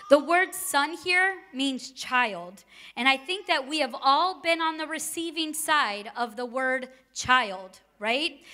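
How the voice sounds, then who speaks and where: A woman delivers a sermon, reading scripture and then drifting into stories of her own kids. Her voice is bright and sits a little high. She talks in a casual, conversational way and keeps asking rhetorical questions. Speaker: preacher.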